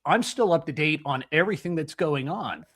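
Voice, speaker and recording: Deadpan man guesting on a podcast. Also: on the high side, a little fast, husky. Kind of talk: casual comedy podcast chat.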